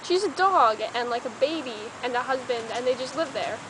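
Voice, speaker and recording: A young adult woman, a college student vlogger, walks around her campus outdoors and chats to a handheld camera in a rambling way. Her voice is high-pitched and animated at a normal speed, and the outdoor camera audio is noisy.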